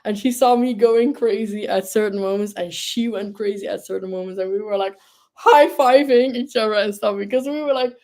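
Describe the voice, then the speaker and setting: A woman's voice: mid-range voice, steady tone, a little fast, mellow. A young woman hosting a livestream, chatting casually and gushing with enthusiasm, with lots of fillers. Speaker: livestream host. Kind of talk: casual chat.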